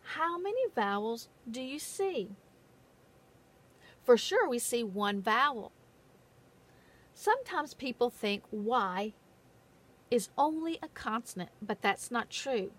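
A woman giving a phonics lesson in a patient, deliberate way, stressing the key words. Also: fairly high pitch, expressive, a bit bright. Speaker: phonics teacher. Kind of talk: slow, careful classroom instruction.

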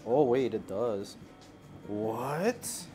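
A man of middling pitch films himself on a handheld phone in an indoor animal cafe. He talks casually and sweetly coaxes the animals, often rising with excitement. Clear music plays in the background. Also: drawn-out words. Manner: excited, coaxing pets in a playful voice. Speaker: vlogger. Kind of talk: casual vlog talk. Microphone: handheld phone camera.

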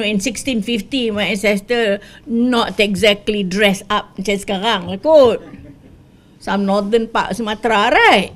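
Animated Malaysian woman mixing English and Malay. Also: sits high. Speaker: guest speaker, former MP. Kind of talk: business school talk. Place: studio.

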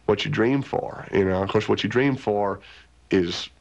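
A man's voice: fairly low pitch, unhurried, creaky. A man being interviewed about a game, telling the story with animation and quoting what he and his teammates said in the moment. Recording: slightly muffled with background noise.

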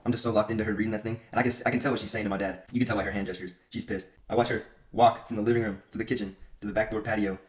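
A man's voice: lowish voice, steady tone, rapid-fire, few pauses. A young man telling crude comedic stories in a rambling, profane way, often repeating himself as a streamer. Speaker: streamer and content creator. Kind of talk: casual comedic storytelling monologue.

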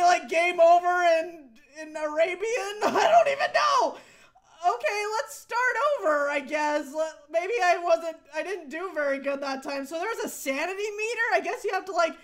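A young woman playing a horror game for her channel, jumpy and giggly, squealing at the scares and chatting to her viewers in between. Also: very high-pitched. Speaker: gaming YouTuber. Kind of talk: horror game let's play commentary. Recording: game music playing behind.

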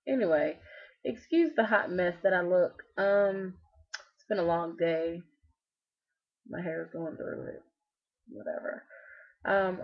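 Sassy young Southern woman, lo-fi webcam. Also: mid-range voice. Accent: Southern American. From Roanoke, Virginia. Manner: sassy, joking asides. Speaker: vlogger. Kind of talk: casual self-recorded vlog. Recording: slightly muffled lo-fi webcam audio.

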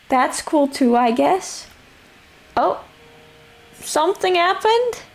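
A young woman live-streaming a game, chatting to herself and a friend in a rambling, casual way with the odd swear. Her voice sits on the higher side yet is rough with vocal fry, and it is wearing hoarse. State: voice going hoarse. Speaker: streamer playing a survival game.

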